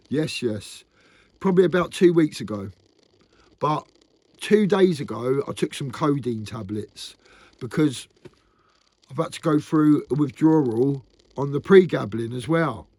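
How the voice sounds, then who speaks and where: A man's voice: medium pitch, expressive, slow, a little mellow, dry recording. Earnest man, rambling vlog. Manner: rambling and earnest, often ending lines with "mate". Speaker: vlogger. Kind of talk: candid confessional vlog.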